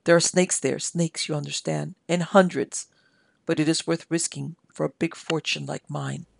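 A reader voicing a delirious army major who raves and pleads in a feverish confession, with a gravelly edge. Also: medium pitch, steady tone, normal speed, dry recording. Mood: raving, boastful. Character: delirious army major, guilt-ridden man.

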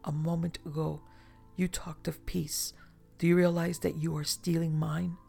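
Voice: mid-range voice, level tone, gravelly, faint music behind. A reader voicing a grave, sorrowful noblewoman. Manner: slow, grave and quiet. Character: sad, grave Spanish noblewoman, weary of life. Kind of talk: audiobook reading.

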